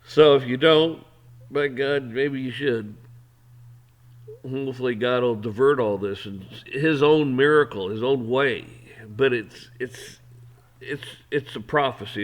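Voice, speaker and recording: A man's voice: mid-range voice, measured pace. A man hosting an opinion show, ranting in a blunt, heated, profane way. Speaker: host. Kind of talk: opinion rant.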